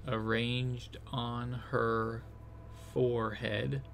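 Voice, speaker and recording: A man streaming a game, slowly spelling out letters as he decodes text, then breaking into excited disbelief. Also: mid-range voice, vocal fry, slight background noise.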